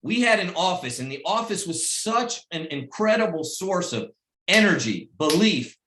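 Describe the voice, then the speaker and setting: A man's voice: high-pitched, very animated, normal speed. Emphatic middle-aged man, roomy echo. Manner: emphatic and repetitive, swinging from loud pep-talk to quiet personal storytelling. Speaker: team leader addressing his recruits. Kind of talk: motivational speech on a video call. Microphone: video call.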